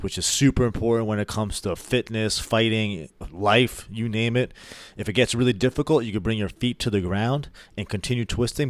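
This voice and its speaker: Man, fitness coach voice-over, steady encouragement, lowish smooth voice, dry close recording. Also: no echo.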